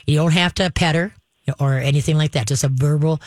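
A woman's voice: deep voice, fairly quick, dry recording, clean studio sound. A woman hosting a radio call-in show about pets, chatty and direct, acting out the commands she recommends. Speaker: radio pet show host.

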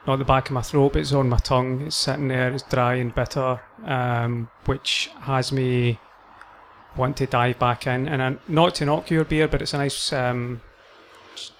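A man, a guest, slowly musing on a beer's taste in casual chat. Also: mid-range voice, level tone, slight background noise. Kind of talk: casual beer tasting.

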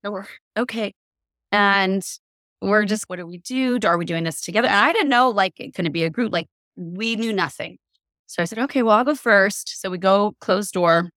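A woman in casual conversation, telling a lively story with lots of "like" and acted-out quotes. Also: mid-range voice, moderate pace, dry recording, studio quality. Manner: animated, acts out quoted voices, many "like" fillers. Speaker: podcast guest.

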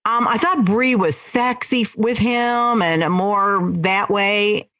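A middle-aged mother chats casually on a podcast, talkative and gushing. Her voice sits at a middling pitch, and the recording is dry and close. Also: slow pace, no echo. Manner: chatty, warm-hearted and gushing. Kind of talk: casual chat.

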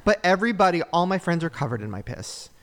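A man's voice: high-pitched, fast, big-room sound, slight background noise. A man hosting a casual podcast, telling a story with energy and acting out the voices of the people in it, laughing often. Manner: animated storyteller who acts out other voices and laughs often. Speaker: podcast host.

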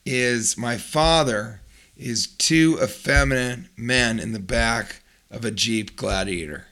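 A man's voice: mid-range voice, slow. A man co-hosting a comedy podcast, telling an absurd improvised story with a straight face. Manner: deadpan absurd storytelling, bursts into shouted put-on voices.

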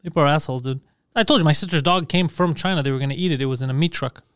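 A man in casual banter, cracking quick profane jokes and rambling about a movie. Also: on the high side, smooth, dry recording, clean studio sound. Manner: quick, joking, profane interjections.

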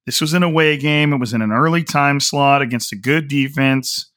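A man hosts a casual podcast with a hoarse, strained voice. His tone is bright and forceful even as he rambles through restarts and fillers. The recording is close and dry, with no room sound. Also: mid-range voice, normal speed, dry recording. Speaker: podcast host. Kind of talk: casual solo podcast talk.

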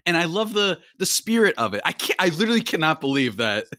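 A man chatting as a guest on a sports podcast, excitable and laughing often, exclaiming in disbelief. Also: a little high, fast talker, no echo, studio quality. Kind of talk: casual sports chat.

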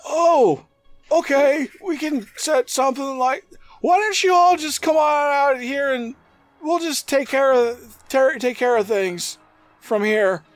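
Casting: a man putting on a shaky old guard, high-pitched and cranky, for a tabletop game. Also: slow pace, dry recording, faint music behind. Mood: anxious. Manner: fussy, cranky, high and strained. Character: quavering elderly male security guard.

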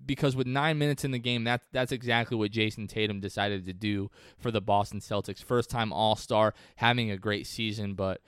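A man's voice: fairly low pitch, steady tone, brisk, few pauses, a bit bright, clean tone, dry recording, clean studio sound. A man hosting a sports podcast, talking through a game in a casual, conversational way that wanders off on tangents. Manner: conversational, digressive. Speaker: podcast host.

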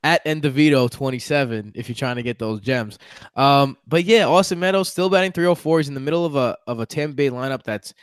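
A man's voice: mid-range voice, a little fast, clear, resonant tone, no room sound. A man co-hosting a casual sports chat, a fiery fan from New York who rants and swears. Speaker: podcast co-host.

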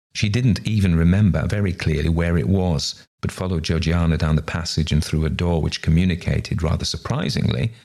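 Deep gravelly male storyteller. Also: darkish tone. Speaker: story reader. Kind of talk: storybook narration.

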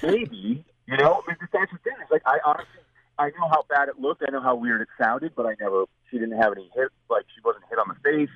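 A man's voice: mid-range voice, fast, dry recording. A man, a guest on the show, telling a long rambling anecdote in a casual way and acting out what people said. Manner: rambling anecdote with acted quotes. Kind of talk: casual storytelling. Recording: tinny phone-line sound.

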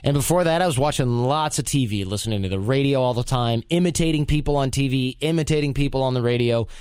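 A man from Michigan hosting a podcast, answering listener mail in a relaxed, reflective, conversational way. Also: medium pitch, fast talker, clear, resonant tone, no echo, clean studio sound. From Michigan, USA. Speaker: podcast host. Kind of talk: casual advice talk answering listener mail.

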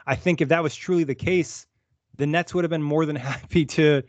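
A man co-hosting a sports podcast, explaining his views in casual chat at a steady pace. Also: a little high, a little fast, no echo. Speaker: podcast co-host. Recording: dull lo-fi dry sound.

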